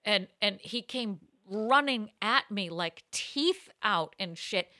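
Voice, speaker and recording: A woman in a casual chat, expressive and quick to react, telling her own story with pop-culture asides. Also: mid-range voice.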